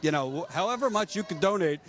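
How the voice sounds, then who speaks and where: Man, fairly high voice, impassioned street commentary, rhetorical questions, outdoors at a protest. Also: expressive, fairly bright tone. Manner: impassioned, rapid-fire ranting with rhetorical questions. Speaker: political reporter.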